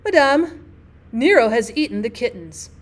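A woman's voice: sits high, sing-song, fast talker, voice pushed up. A woman voicing a smug male butler who chuckles as he reports bad news.

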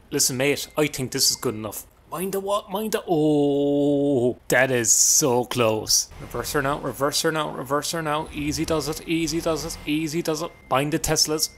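A young Irish man with an Irish accent giving sarcastic, self-mocking commentary while playing a game at a desk mic. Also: mid-range voice. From Ireland. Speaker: gaming YouTuber. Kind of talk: playthrough commentary. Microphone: desk mic with pop filter.

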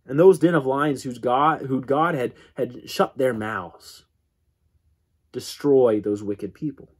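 A man teaching a church Bible class in an earnest way, often restarting words and letting his voice drop low at the ends of lines. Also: takes it slowly, slightly rough. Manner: earnest, repeats words when restarting, dramatic drops in pitch.

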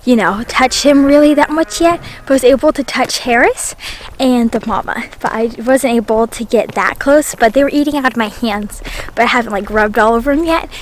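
A woman's voice: on the high side, normal speed, slight background noise. Bubbly Texan woman, farm vlog. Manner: bubbly, says y'all constantly. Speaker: homestead vlogger. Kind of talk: casual chat to camera. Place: outdoors on a farm.

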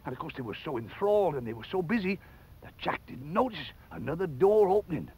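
Lively older man telling children's stories. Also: on the high side, fast, husky, rough recording. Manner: lively, playful, chatty asides to the child viewer. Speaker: children's storyteller and presenter. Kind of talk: animated storytelling for children.

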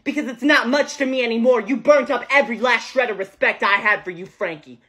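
A woman's voice: on the high side, brisk, bright, forceful tone, breathy edge. A woman speaking heated, confrontational dramatic dialogue full of profanity.

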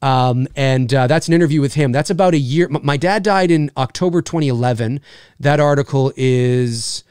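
A man's voice: medium pitch, moderate pace, darkish tone, smooth, no room sound, clean studio sound. A man in his forties from Canada hosting a casual live chat show, rambling, repeating himself and swearing casually.

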